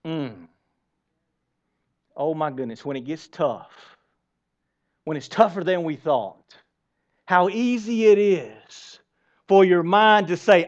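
A man in his forties delivers a sermon in a high voice and talks with his congregation rather than at them. He drops to hushed asides, then pushes back up to loud emphasis. The recording is a little dull and lo-fi. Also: slow pace, pauses often. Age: 40s. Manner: conversational preaching, questions the congregation. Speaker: pastor.

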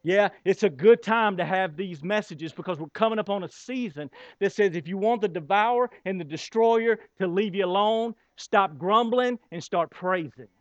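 Male pastor, high voice, sermon delivery with dramatic pauses, dry muffled recording. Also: dry recording. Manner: preaching with dramatic pauses and rhetorical questions.

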